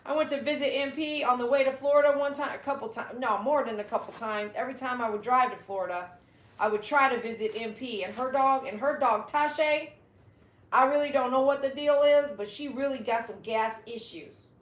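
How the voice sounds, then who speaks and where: A woman's voice: high voice, fairly quick, echoey room. A woman hosting a casual livestream from home. She chats to her dogs and reads viewer comments aloud. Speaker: dog groomer and livestream host.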